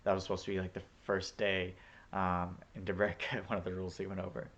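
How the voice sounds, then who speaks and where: A man chats through a personal story in a relaxed vlog, with lots of ums and uhs. His voice sits on the low side. The recording sounds a bit dull and lo-fi. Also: fast. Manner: easygoing, chatty, many fillers. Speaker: returned Peace Corps volunteer.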